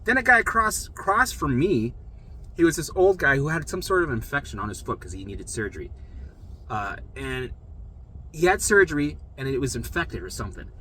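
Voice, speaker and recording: A man's voice: a little high, very animated, normal speed, fairly bright tone, a little hiss or hum. A young man casually telling a personal story in a blunt way, swearing freely and acting out other people's lines. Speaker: storyteller sharing his recovery.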